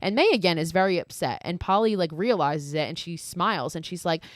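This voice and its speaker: Podcast host, woman, lowish voice, dry close sound, swears a lot, says like constantly. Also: fairly quick, no room sound. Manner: profane, exasperated asides; fillers of "like" throughout. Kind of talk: casual film recap.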